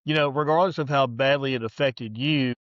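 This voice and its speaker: A man's voice: medium pitch, fairly even intonation, a little fast, a bit bright, no room sound, lo-fi sound. A man, a podcast host, talking things through in a reflective casual chat. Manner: reflective, reasoning aloud.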